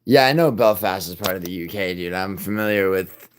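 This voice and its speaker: A man hosting a livestream, chatting casually and profanely with viewers, rambling and then turning loud and insistent. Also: low-pitched, brisk, slight background noise. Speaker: livestream host.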